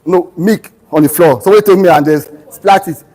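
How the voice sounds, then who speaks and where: A man's voice: high-pitched, fairly quick, darkish tone, rough recording. A middle-aged man with a Nigerian accent giving a live university lecture, constantly quizzing students with half-finished sentences and explaining ideas through everyday family stories. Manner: drills students with fill-in-the-blank questions ending in "what?"; teaches through homely family anecdotes. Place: lecture room.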